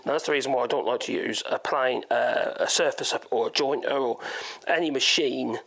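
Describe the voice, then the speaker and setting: A medium-pitched, slightly bright voice with vocal fry moves a little fast as this Norfolk man demonstrates woodworking in his workshop. His talk is chatty and meandering, with him thinking out loud as he goes.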